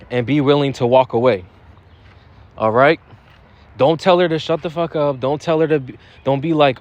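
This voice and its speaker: A man's voice: on the high side, moderate pace, darkish tone, muffled recording. A young man giving blunt, profane dating advice in a casual monologue, often repeating and restarting his phrases.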